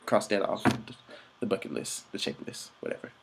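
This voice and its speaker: A man's voice: low voice, sing-song, normal speed, creaky, very noisy. A young man telling travel stories in a loose, rambling vlog, full of fillers and swearing. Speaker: vlogger. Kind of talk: casual travel vlog narration.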